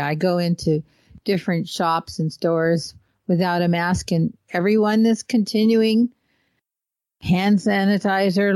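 A woman hosting a talk radio show, chatting casually and telling stories with lively laughter. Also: mid-range voice, no room sound.

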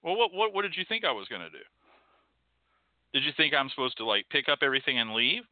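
A man's voice: mid-range voice, quick pace, no room sound. A male show host ranting sarcastically, with frequent swearing. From Texas. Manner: profane, sarcastic, animated. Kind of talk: ranting monologue. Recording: tinny phone-like sound.

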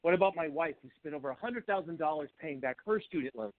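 A man's voice: a little high, animated, quick pace, no echo. Fired-up man on a phone line. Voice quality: voice turning hoarse. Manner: heated, fired-up. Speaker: call-in guest. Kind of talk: political call-in rant. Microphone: phone call.

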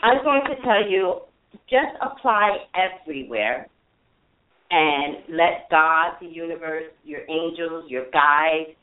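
A woman's voice: low-pitched, slow pace. A woman giving a psychic reading to a caller, talking emphatically and casually, with the odd curse. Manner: emphatic, animated, swears casually. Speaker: psychic reader. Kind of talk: live call-in reading. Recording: phone-quality audio.

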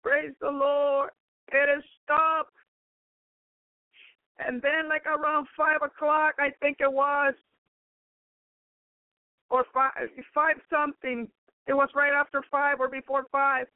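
Woman preacher, fervent testimony, high voice, slow and flat delivery, phone-like dry audio. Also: no echo. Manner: fervent, peppered with praise exclamations. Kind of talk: spoken testimony sermon. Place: home in Chicago. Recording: dry, phone-like narrow sound.

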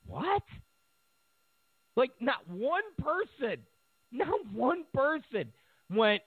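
Guy ranting sarcastically, voice jumps high and low a lot, sounds like a phone line. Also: big pitch swings, takes it slowly, gravelly, pauses often, breathy edge, dry recording. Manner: sarcastic, mocking, acts out quoted voices. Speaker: political commentator. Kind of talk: ranting monologue. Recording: tinny phone-like line, dry.

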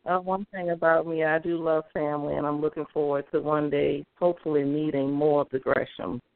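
A woman's voice: low-pitched, level tone, fairly quick, creaky, no room sound. A woman calling in and introducing herself plainly, with a few hesitations. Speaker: caller. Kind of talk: casual introduction on a call. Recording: tinny phone-line audio.

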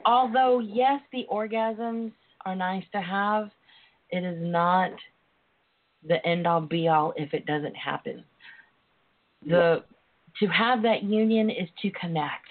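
A woman's voice: mid-range voice, slow pace. A woman guest on an interview show, talking in an earnest, emotional way and calling her listeners darlings. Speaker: guest author and sex educator. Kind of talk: casual call-in interview talk. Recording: tinny phone line.

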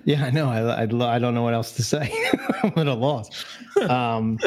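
A man hosts a relaxed podcast conversation, telling stories and teasing his co-host between laughs. His voice sits in a middle, everyday pitch. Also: normal speed. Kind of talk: casual chat.

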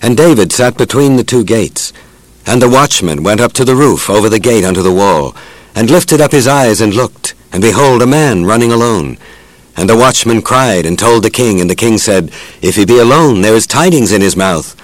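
A low-voiced man reads scripture in a measured and reverent way. The recording is dry and close to the mic, with no room sound. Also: animated, dry recording, low-quality recording. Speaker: narrator. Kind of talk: solemn scripture reading.

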